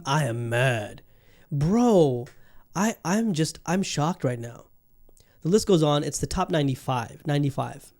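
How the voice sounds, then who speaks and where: A man hosting a solo podcast in casual chat, ranting in animated disbelief and swearing freely. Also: on the high side. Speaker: podcast host. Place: Bangkok, Thailand.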